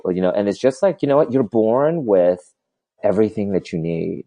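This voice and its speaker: A male podcast host in casual conversation. His voice sits very low and sounds mellow. He talks candidly and rambles, leaning on "you know" as he goes. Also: expressive, normal speed. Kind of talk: casual interview chat.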